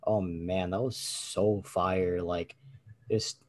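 A man's voice: low voice, fairly even intonation, takes it slowly. A young man co-hosting a podcast in casual, slangy chat over a video call. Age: young adult. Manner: laid-back, slangy. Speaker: podcast co-host.

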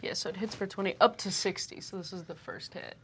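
A woman's voice: mid-range voice, steady tone, fast, a bit bright, a little hiss or hum. A woman playing a tabletop game who thinks aloud while she explains the rules of her spells. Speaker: player. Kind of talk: casual tabletop play.

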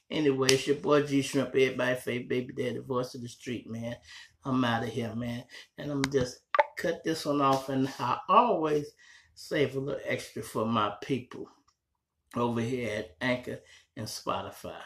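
A man's voice: medium pitch, normal speed. Male podcast host, Chicago accent, loose and profane, talking straight to his listeners. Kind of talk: casual street commentary.

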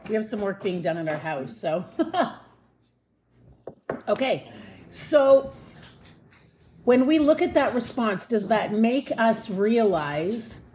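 A woman giving a casual devotional Bible talk from her home, earnest and chatty, slowing down to stress her points. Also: mid-range voice, sing-song, dark tone, slight background noise. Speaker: Bible teacher.

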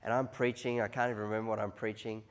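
Man preaching an animated sermon. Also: on the low side, quick pace. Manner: conversational, builds to loud excited peaks. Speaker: pastor.

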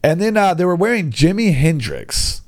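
A man's voice: high-pitched, sing-song, normal speed, darkish tone. A young man telling a rambling comic story, jumping between asides and mocking the people he quotes. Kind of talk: comedic storytelling monologue.

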